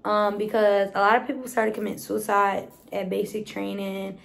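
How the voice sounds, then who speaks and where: A woman's voice: mid-range voice, level tone, normal speed, vocal fry, a little hiss or hum. A woman in her twenties with an American accent, telling stories in a casual, blunt vlog and swearing freely. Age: 20s. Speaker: vlogger.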